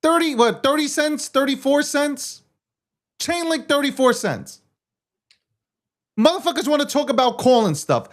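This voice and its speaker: A man's voice: extremely high pitch, expressive, a little slow, pauses often. A man hosting a live crypto stream, talking in a brash, profane, boastful way. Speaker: show host.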